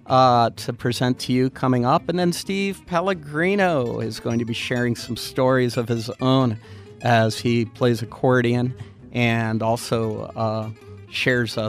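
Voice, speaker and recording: A man hosts a weekend radio show from a soundproof studio, speaking at a mid pitch. He announces the next segment and the station details in an easy, conversational way. Soft guitar music plays faintly underneath. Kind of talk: radio hosting.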